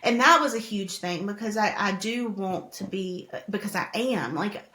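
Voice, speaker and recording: A woman musician talking candidly as an interview guest, open and heartfelt, pausing often with "like" and "um". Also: mid-range voice, animated, sharp tone, reverberant. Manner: open, heartfelt, hesitant with many "like"s.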